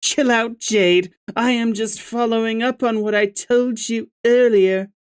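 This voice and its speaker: A man's voice: extremely high pitch, steady tone, a little slow, clean tone, pitched above the performer's own voice. A man putting on a breezy British alien girl. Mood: teasing. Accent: British put-on.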